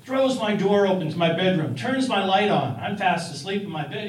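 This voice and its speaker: A man's voice: sits high, animated, normal speed, few pauses. A man telling a first-person story in a conversational way, with fillers and restarts. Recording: roomy, distant-miked.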